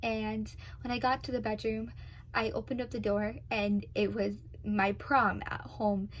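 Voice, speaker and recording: A young woman tells her own love story in an earnest, emotional voice, pausing with ums and fighting back tears at moments. Her pitch sits in an ordinary middle range. A faint hiss of background noise sits under her voice. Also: level tone, low-quality recording. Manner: earnest, tearful at times, many ums.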